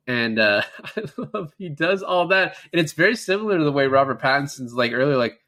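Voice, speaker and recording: A man's voice: a little high, moderate pace, fairly bright tone. A man co-hosting a film podcast, retelling scenes in a loose, profane, chatty way. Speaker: podcast co-host. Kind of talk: casual film-review chat.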